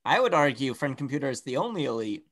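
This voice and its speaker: A man's voice: medium pitch, big pitch swings, fast, noisy background. A man playing a tabletop role-playing game who teases and questions the other players. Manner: teasing, questioning. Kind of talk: casual tabletop role-play chat.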